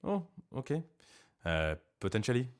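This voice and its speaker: His medium-pitched voice is smooth and very animated, moving at a moderate pace. The man, a streamer and voice actor, is at home indoors, casually chatting on a live stream in English with an affected French accent, rambling and poking fun at himself.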